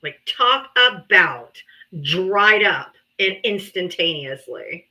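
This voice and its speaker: A woman's voice: lowish voice, lively intonation, slow, pushed and bright, poor audio. A woman hosting a live streamed political debate, brash and profane, mocking her guests with laughter. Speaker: livestream host.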